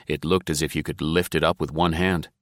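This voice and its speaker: Deep-voiced male audiobook narrator. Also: little pitch movement, fairly quick, dry recording, clean studio sound. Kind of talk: scripted narration.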